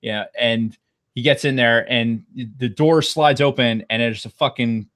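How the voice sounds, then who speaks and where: A man's voice: mid-range voice, a little slow, fairly bright tone, dry recording, clean studio sound. A man co-hosting a podcast, chatting casually in a rambling, profane, jokey way. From New Jersey. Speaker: podcast co-host. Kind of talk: casual chat.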